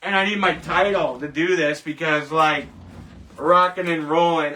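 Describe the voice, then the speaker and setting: A man from Canada, hosting a casual rant show, speaks at a measured pace in a slightly high voice that is steady yet sharp. He rambles emphatically and scoffs at each verdict, his voice sounding distant from the mic.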